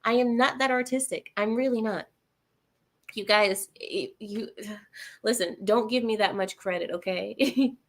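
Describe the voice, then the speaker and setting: A woman hosting a livestream reads viewer comments aloud and responds with sarcasm and laughter. Her voice is fairly high-pitched, and she speaks at a measured pace.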